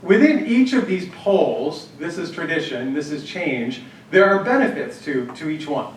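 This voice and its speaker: A man with a fairly high voice speaks to a gathered group in a relaxed, anecdotal way, often pausing on fillers and restarting his sentences. He sounds set back from the mic, and the hall's echo hangs around his words. A faint room ambience runs underneath. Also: slight background noise. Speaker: workshop speaker on church planning. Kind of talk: storytelling talk to a live group. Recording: echoey hall, distant mic, faint ambience.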